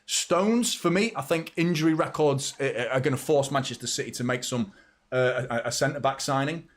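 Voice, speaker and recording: English man, young, casual live football chat, rambling, talks to viewers, mid-pitched voice. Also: normal speed. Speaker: football watchalong host.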